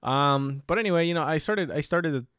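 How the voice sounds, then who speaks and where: A man's voice: fairly high pitch, fairly quick, fairly bright tone, clear, resonant tone, no echo, studio quality. A man chatting casually as a podcast co-host, rambling loosely, swearing freely and acting out his own reactions. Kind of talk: casual chat.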